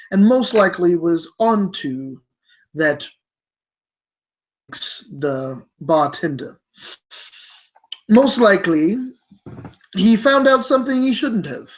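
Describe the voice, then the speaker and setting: Rambling game master on a dull recording. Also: mid-range voice. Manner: rambling, self-correcting narration with many fillers. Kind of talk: narrating a tabletop game.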